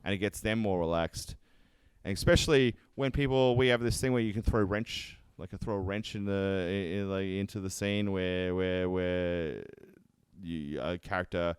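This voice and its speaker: A man who performs improv comedy, chatting casually on a podcast, animated and swearing freely. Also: sits low, moderate pace, clean tone, dry recording. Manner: animated, swears freely, acts out quoted voices.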